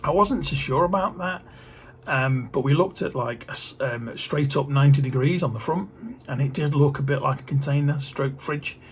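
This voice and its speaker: A man's voice: mid-range voice, normal speed, a little hiss or hum. A middle-aged man, chatting casually on his vlog in a rambling, joking way full of fillers. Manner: rambling, jokey, many fillers. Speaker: vlogger.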